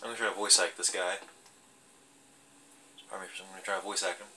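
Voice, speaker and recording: A man talks through a game he is playing, chatty and wry, tossing off jokes as he goes. His voice is very bright and sharp. A faint hiss runs underneath. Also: deep voice, level tone, quick pace, poor audio. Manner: chatty, wry, jokey asides. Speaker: let's play host. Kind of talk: casual gameplay commentary.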